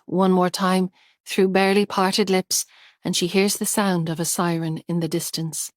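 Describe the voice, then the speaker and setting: A woman narrating a thriller audiobook in a measured, tense way. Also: on the low side, flat delivery, no room sound, studio quality. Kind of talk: scripted narration.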